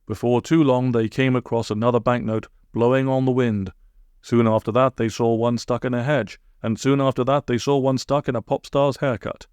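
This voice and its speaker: A man's voice: mid-range voice, normal speed, smooth, no room sound. Dry-voiced man reading a storybook. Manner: comic, deadpan asides. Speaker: narrator.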